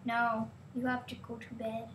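A woman's voice: a little high, completely flat delivery, unhurried, a little hiss or hum. A woman joining her sister's casual gameplay video, dry and teasing. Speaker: co-host sister. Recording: music under the voice.

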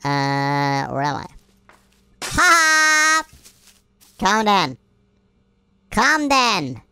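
Excitable woman yelling at a game. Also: deep voice, drawn-out words, smooth, no room sound. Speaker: gameplay commentator. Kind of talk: playing a video game and commenting.

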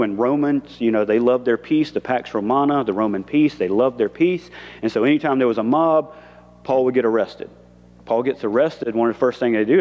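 A male pastor gives a conversational sermon in a church sanctuary, acting out the lines he quotes. His mid-range voice has a darkish tone, and the audio is dull and muted, with echo from the church hall.

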